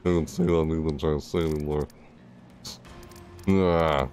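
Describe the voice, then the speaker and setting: A man's voice: very deep voice, moderate pace, soft background music. A man streaming a shooter game, talking to himself in casual commentary with frequent startled yelps and groans. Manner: excitable, yelps and self-talk.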